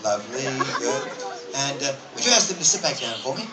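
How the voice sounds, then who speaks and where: A man's voice: mid-range voice, sing-song, brisk, heavy background noise. A man performing as a stage hypnotist in a live comedy show, with a playful, teasing manner, heard from the audience. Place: outdoor fair stage. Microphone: audience camera from a distance. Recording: distant echoey outdoor crowd recording. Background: loud crowd.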